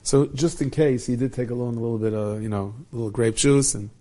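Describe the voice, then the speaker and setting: Dark-voiced man telling a story. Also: medium pitch, fairly quick. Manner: animated storyteller, Yiddish and Hebrew words. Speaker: rabbi and storyteller. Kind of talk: storytelling talk.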